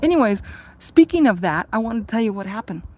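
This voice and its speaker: A woman's voice: a little high, big pitch swings, fairly quick, darkish tone, a little hiss or hum. A woman vlogger telling a rambling, profane story in a casual chat, ranting and laughing at herself.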